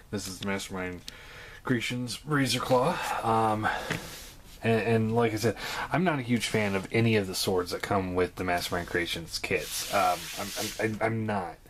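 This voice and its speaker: Chatting along in a fairly low voice, a man reviews a toy for his vlog, pausing often with ums and uhs. The talk is relaxed and unscripted, with steady background noise underneath.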